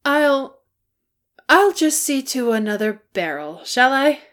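A woman's voice: medium pitch, animated, a little slow, fairly bright tone. A woman voicing a fussy, polite male hobbit with a dry, genteel manner in a storybook reading.

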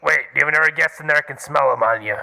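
A man putting on the voice of a gruff middle-aged male actor calling in by phone, blunt and aggressive. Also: on the high side, racing, pushed and bright, exaggerated voice, rough recording.

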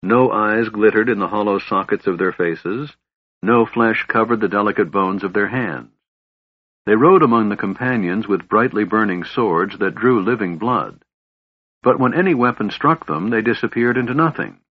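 Man, audiobook narrator, husky, low, measured, slightly dull recording. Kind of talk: scripted narration.

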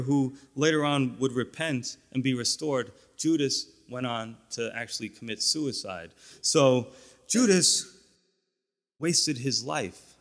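Male pastor, relaxed teaching sermon with chatty asides, recorded in a reverberant church hall. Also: mid-range voice. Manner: conversational teaching with fillers and asides.

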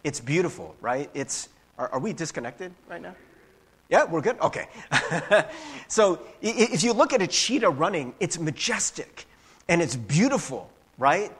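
A fairly high, husky-voiced man preaching in a loose, talky way. His pitch swings widely as he tags his points with "right?" and lets the sermon feel like a chat with friends. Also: normal speed. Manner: casual, animated preaching with frequent "right?" tags; acts out voices with big pitch jumps. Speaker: pastor. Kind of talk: conversational sermon.

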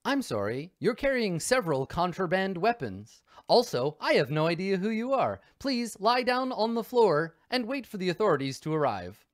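A man's voice: sits high, big pitch swings, moderate pace, few pauses, dry recording, pitched above the performer's own voice. Robot butler guard, as voiced by a man, polite, weird robot voice, dry. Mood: polite menace.

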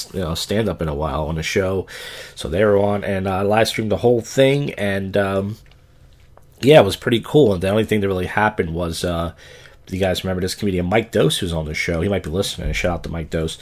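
A man's voice: low-pitched, brisk. A man hosting his own podcast, telling stories in a loose, crude, self-deprecating ramble. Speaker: podcast host. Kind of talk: casual rambling monologue.

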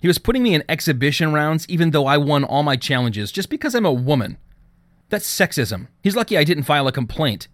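A man's voice: a little high, lively intonation, brisk, no echo, studio quality, close to an everyday voice. A man voicing a blunt, indignant teenage girl in an audiobook, speaking in a firm way.

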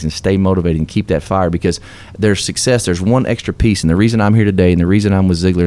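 A man's dark, low voice carries a motivational story during a radio interview. As the guest, he describes his success with earnest, upbeat, preacher-style emphasis.

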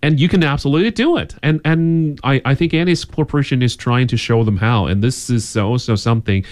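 A man's voice: mid-range voice, a little fast, a little mellow. Earnest man co-hosting a radio show. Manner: earnest, thoughtful, with some hesitant restarts. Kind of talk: radio talk show conversation.

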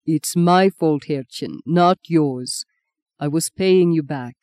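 A woman reading the part of a tender man with a German accent, speaking softly and low. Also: slow, no room sound, clean studio sound. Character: tender German man, soft-spoken lover.

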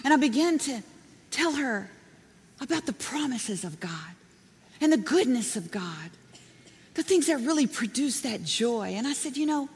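A woman preaching a sermon in a lively, chatty way, often laughing as she talks. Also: sits high, measured pace, breathy edge. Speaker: pastor. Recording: long hall reverb.

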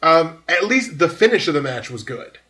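A man's voice: a little high, very animated, moderate pace, bright, forceful tone. A man hosting a podcast, giving a rambling, filler-heavy breakdown in casual chat. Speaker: podcast host.

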